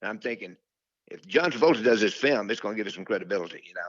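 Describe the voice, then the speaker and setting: A man's voice: on the low side, lively intonation, racing. An older man telling stories as an interview guest, rambling with fillers and restarts and quoting his own thoughts. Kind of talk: casual storytelling interview. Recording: dull lo-fi dry sound.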